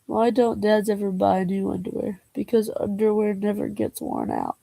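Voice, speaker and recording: A woman's voice: mid-range voice, big pitch swings, normal speed, creaky, warm tone, dry recording. A young woman vlogger reading jokes aloud in a casual way, laughing and groaning at them and adding slangy asides.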